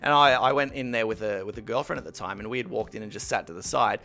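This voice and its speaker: A young adult man chatting casually, telling animated, profane stories and laughing through them. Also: lowish voice, fast, creaky. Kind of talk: casual storytelling chat.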